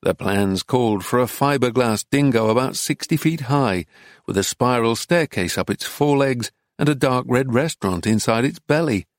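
A man reading an audiobook in a measured, understated, dry manner. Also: medium pitch, no echo. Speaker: narrator. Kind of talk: scripted audiobook narration.

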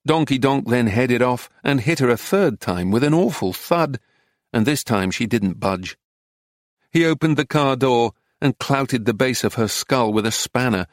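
A man narrating a memoir as an audiobook, telling it in a measured, even way. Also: mid-range voice, no echo, studio quality.

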